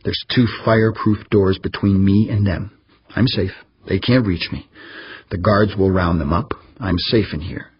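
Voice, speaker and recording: A man voicing a frightened, cornered man who talks in a shrill, pleading rush. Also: unhurried, husky, dry recording, muffled recording, exaggerated voice. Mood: self-soothing.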